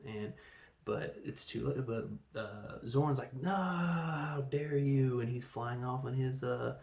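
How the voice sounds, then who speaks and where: Gravelly man rambling through a film review. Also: mid-range voice, measured pace. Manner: rambling, animated storytelling with acted-out quotes. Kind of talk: casual movie review. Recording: echoey room.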